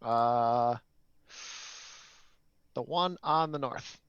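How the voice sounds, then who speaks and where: A man's voice: mid-range voice, drawn-out words, smooth, no echo, highs cut off. A man playing in a tabletop game, talking hesitantly while sorting things out. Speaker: player. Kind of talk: casual tabletop play chat.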